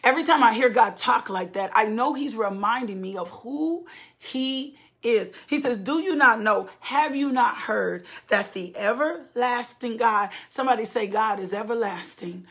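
A woman's voice: a little high, moderate pace, fairly bright tone, slightly rough. A woman preacher delivering a fervent sermon in a repetitive, rhythmic preaching cadence, calling on her listeners to respond.

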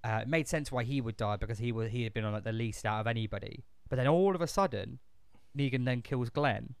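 A man rambling in casual conversation, cursing freely and restarting his sentences. His voice is smooth and resonant. The sound is dry and close. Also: medium pitch, fast, no room sound. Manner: rambling and profane, with many fillers and restarts. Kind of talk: casual chat.

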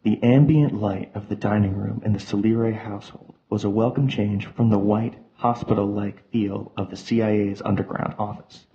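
A man narrating an audio drama in a steady, even reading. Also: lowish voice, normal speed, hardly any pauses. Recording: slightly muffled with faint music.

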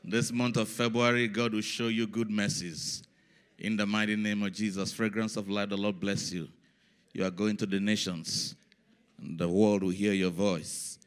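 Low-voiced man as an emotional pastor, moving between quiet talk and shouted praise in church. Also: clear, resonant tone. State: emotional, near tears. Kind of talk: church sermon and prayer. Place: church service.

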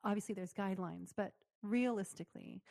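A woman's voice: mid-range voice, fairly quick, vocal fry, dark tone, no room sound, clean studio sound. A woman co-hosting a radio talk show, speaking frankly and teasing her co-host, swearing casually. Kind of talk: casual on-air chat.

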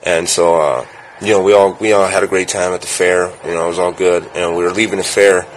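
A young man casually telling rambling, profane stories from his youth, full of fillers and loud acted-out quotes. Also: low voice, flat delivery, brisk, a little hiss or hum, rough recording. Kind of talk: casual storytelling.

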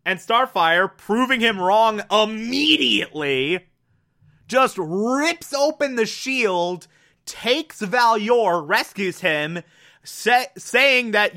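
Bright, high-voiced male reviewer. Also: takes it slowly. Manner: animated, emphatic, mocking asides. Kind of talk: casual episode review.

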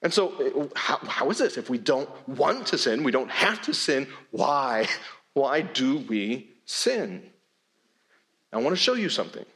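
A man's voice: mid-range voice, very animated, measured pace, a bit bright. A male pastor preaching a sermon in a church, with a conversational, emphatic delivery and frequent repeated words. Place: church sanctuary.

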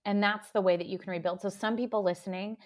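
A middle-aged woman guest, an author and pastor, recounts a personal story with open emotion and bursts of laughter. Her voice sits in an ordinary middle register. She talks candidly, as in a relaxed interview. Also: medium pitch, fast.

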